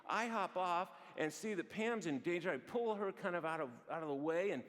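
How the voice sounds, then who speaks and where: A man's voice: sits high, fairly quick. A man, a psychologist, giving a storytelling conference talk in a large hall and acting out the lines he quotes. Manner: animated, acts out quoted lines. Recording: long hall reverb from a big venue.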